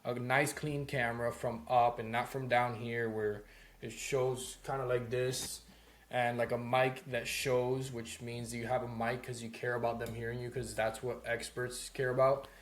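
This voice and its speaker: A young man talks straight to camera from his home office, coaching beginners on sales calls. His delivery is loose and conversational, full of fillers and quick check-ins with the viewer, at an ordinary mid pitch. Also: little pitch movement, slight background noise. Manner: loose, conversational, heavy on "like" and "right?". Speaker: sales course instructor. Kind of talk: casual talking-head lesson.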